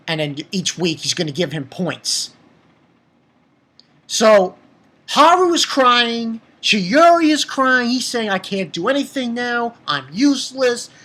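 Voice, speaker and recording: A man's voice: sits high, a bit bright. A man recapping an anime episode in a casual, rambling way, breaking into profane angry outbursts. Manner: profane, angry outbursts between plot summary; rambling with fillers and restarts. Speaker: anime reviewer.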